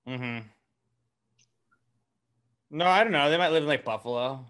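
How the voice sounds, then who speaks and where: A man's voice: fairly high pitch, measured pace, a bit bright, clear, resonant tone. A man co-hosting a podcast, reading listener questions and chatting casually. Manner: laid-back, reads listener questions aloud. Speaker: podcast co-host.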